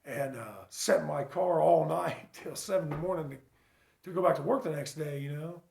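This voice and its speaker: In a bare room full of echo, a father shares his recovery story in a casual vlog monologue to the camera. His voice is slightly high, gravelly and a little mellow, and he's blunt and sincere, swearing freely. He talks haltingly, with frequent pauses, fillers and restarts.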